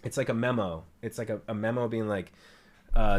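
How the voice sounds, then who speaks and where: Low-voiced man chatting candidly on stream. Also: brisk. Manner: candid, rambling, swears freely. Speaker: streamer and musician. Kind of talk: casual livestream chat.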